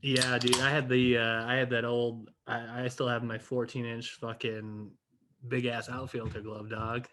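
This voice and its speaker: A man's voice: mid-range voice, level tone, a little slow, a bit bright, slight background noise. A man with a mid-range voice talks at a loose, rambling pace. He restarts his sentences often and swears casually as he goes. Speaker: guest. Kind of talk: casual chat.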